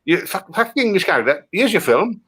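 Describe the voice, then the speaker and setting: A Welsh man in improvised comedy chat, swearing and ranting crudely as he tears into film pitches. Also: big pitch swings, a little fast, a bit bright, breathy edge. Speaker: comic guest critiquing film pitches.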